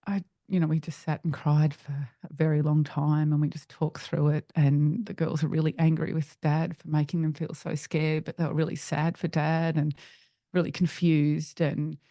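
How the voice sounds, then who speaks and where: A middle-aged woman, a podcast guest, telling a personal story in an earnest, halting way with frequent restarts. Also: low-pitched, mellow, dry recording, clean studio sound.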